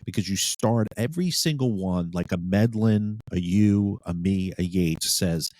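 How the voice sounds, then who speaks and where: A man's voice: sits low, measured pace, few pauses, a little mellow, no echo. A man who was a police sergeant, co-hosting a podcast and telling blunt, profane stories about police work. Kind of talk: casual podcast chat.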